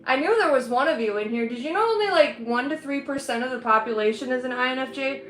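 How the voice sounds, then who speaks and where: A woman's voice: high voice, fast, a bit bright, a little hiss or hum. A woman chatting casually and rambling with her viewers while she paints on a livestream, laughing often. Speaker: livestreaming artist. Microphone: streaming setup. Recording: roomy with faint background music.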